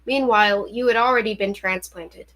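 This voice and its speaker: A woman voicing a nervous male professor who explains in a hurried, apologetic way. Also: medium pitch, fairly bright tone, natural voice. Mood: defensive.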